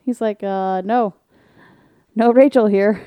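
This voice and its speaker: Animated woman telling a story. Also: slow, clean tone, no room sound, clean studio sound. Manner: animated, acts out quotes in a loud high voice. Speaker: podcast co-host. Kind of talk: casual storytelling chat.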